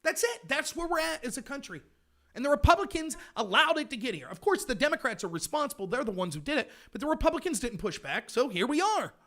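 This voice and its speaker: A man's voice: extremely high pitch, very animated, quick pace, a bit bright. A man hosting a political livestream, ranting sarcastically while answering his chat. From United States. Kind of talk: livestream commentary reading chat.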